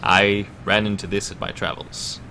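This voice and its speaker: A man voicing a mysterious cloaked man who speaks low, hushed and measured in a tabletop game. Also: little pitch movement, a little hiss or hum. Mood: hushed, guarded.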